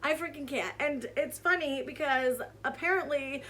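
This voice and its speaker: A woman with a high, bright voice rants through a casual commentary vlog. She is heated and sarcastic. Her tone stays sharp and lively throughout. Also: normal speed. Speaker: commentary vlogger.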